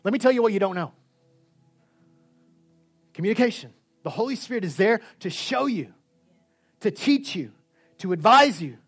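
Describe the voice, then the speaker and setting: A man preaching a sermon, animated, swinging from quiet, intimate lines to loud shouts. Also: sits high, normal speed, pauses often, breathy edge, faint music behind.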